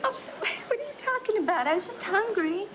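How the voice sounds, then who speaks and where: An actress playing a hopeful, easily hurt young woman, bright and giggly, in 1980s soap opera style. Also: very high voice, animated, brisk, background noise. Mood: playful.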